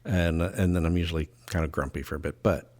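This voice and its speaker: A man's voice: sits low, fairly even intonation, quick pace, a little mellow. A man co-hosting a podcast in casual chat, talking in an easygoing, chuckling way with many fillers. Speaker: podcast co-host.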